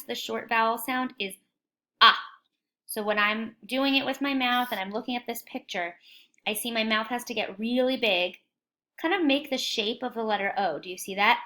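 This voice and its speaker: A woman teaching a phonics lesson to young children, cheerful and encouraging, asking questions and sounding out letters slowly and clearly. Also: fairly high pitch, sharp tone.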